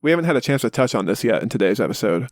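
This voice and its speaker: A man's voice: medium pitch, very animated, rapid-fire, no room sound, clean studio sound. A man hosting a movie review podcast, chatting in an easygoing, casual way. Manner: easygoing, wraps up with plugs. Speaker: podcast host.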